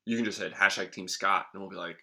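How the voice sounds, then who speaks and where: A man co-hosting a podcast, chatting casually about a show and adding quick quips. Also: low voice. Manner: relaxed, chatty, adds quips. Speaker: podcast co-host. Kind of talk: casual TV recap chat.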